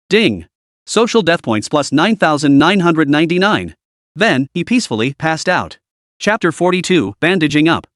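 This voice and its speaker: A man's voice: fairly high pitch, dry recording. Man narrating a story, dry close sound. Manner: even, dramatic storytelling.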